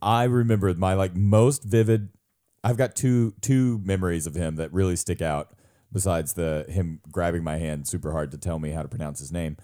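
A man's voice: deep voice, moderate pace, warm tone. A young man co-hosting a podcast, telling a long funny story in casual chat, laughing often and mimicking other people's voices. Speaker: podcast co-host.

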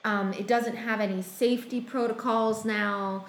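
A woman's voice: medium pitch, fairly even intonation, measured pace, echoey room. A woman co-hosting a casual chat, recapping a film in a rambling way with many ums and quoted asides. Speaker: podcast co-host recapping a film.

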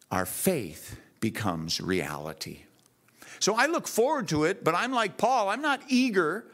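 A man preaching a sermon in church, telling stories in a lively, animated way. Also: on the high side.

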